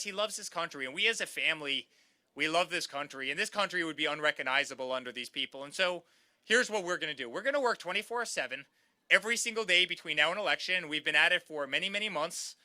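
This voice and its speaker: This campaign speaker, a man in his thirties, has a high, sharp voice and a quick pace. He rallies the crowd with repeated lines and keeps addressing them as "guys."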